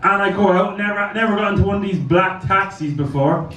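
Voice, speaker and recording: A man's voice: high voice, fairly quick, a bit bright, reverberant, recorded from a distance, a little hiss or hum, rough recording. A man doing a stand-up comedy set in a club, telling crude, rambling stories. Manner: crude, rambling anecdotal delivery.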